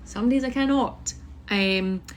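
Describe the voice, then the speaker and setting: A woman's voice: fairly high pitch, slow. A Scottish woman, a mother, talking frankly to camera in a casual rant, blunt and full of swearing. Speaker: mother vlogging about parenting.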